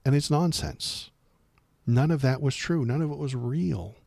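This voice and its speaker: A man's voice: medium pitch, a little slow, gravelly, warm tone, no echo, studio quality. A man hosting a casual political livestream, talking sarcastically and rambling with many fillers and restarts.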